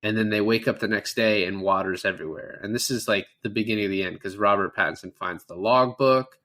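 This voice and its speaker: A man's voice: on the low side, steady tone, brisk, bright, forceful tone. Casual man recapping a film. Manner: loose, profane retelling of scenes. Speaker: podcast co-host. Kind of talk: casual film-review chat.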